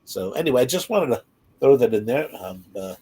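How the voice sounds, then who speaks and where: A man's voice: mid-range voice, expressive, a little fast, dark tone, husky. A man talking casually in a Bible study discussion, with many fillers and asides.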